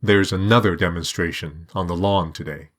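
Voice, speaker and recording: A man reading a short story aloud in a measured, even storytelling manner. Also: low-pitched. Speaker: narrator. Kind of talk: scripted narration.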